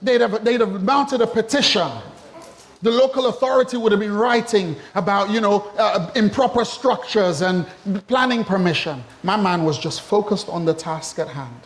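A man preaching a sermon as a pastor, animated and humorous, with asides to the congregation and acted-out quotes. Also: high voice, moderate pace, a little hiss or hum.

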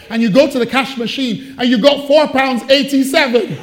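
Guy preaching, pretty high voice, tells it like a story with jokes thrown in. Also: brisk, hardly any pauses. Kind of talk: sermon.

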